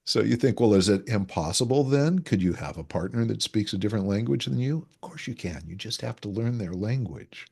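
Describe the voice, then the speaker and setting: A man's voice: fairly low pitch, lively intonation, a little fast, gravelly, hardly any pauses, a little mellow, breathy edge. A man speaking as an expert guest in an interview, explaining ideas through everyday examples and acting out the voices he quotes. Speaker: relationship energetics expert guest. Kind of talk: explanatory conversational interview talk.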